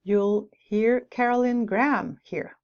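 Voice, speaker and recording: A woman's voice: a little high, slow, vocal fry, darkish tone. A woman giving a lecture on teaching English with rhymes, explaining points with light asides. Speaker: teacher educator. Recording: dull lo-fi recording.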